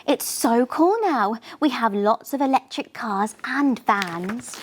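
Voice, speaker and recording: A woman's voice: a little high, animated, slow, slight background noise. Woman doing a bubbly girl electric car. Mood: excited.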